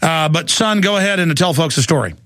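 A man's voice: on the high side, lively intonation, brisk, fairly bright tone, no echo. A middle-aged man hosting a talk radio show, ranting heatedly and often stammering and repeating his words.

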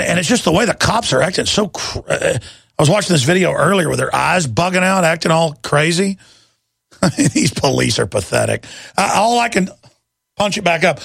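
A man hosting a talk radio show, ranting with impassioned heat in a rough voice into a studio microphone. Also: sits high, fairly bright tone, no room sound. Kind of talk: heated talk radio monologue.

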